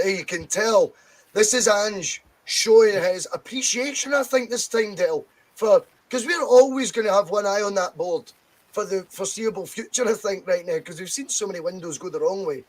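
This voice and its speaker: A man's voice: high-pitched, normal speed, poor audio. A man hosting a casual football podcast, chatty and swearing freely. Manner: chatty, swears freely, reads quotes aloud. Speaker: podcast host.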